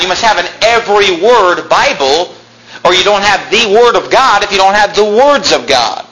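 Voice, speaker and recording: A man's voice: high voice, expressive, moderate pace, pushed and bright, a little hiss or hum, poor audio. A man preaching a sermon as a pastor, emphatic, repeating phrases and quoting old-fashioned scripture.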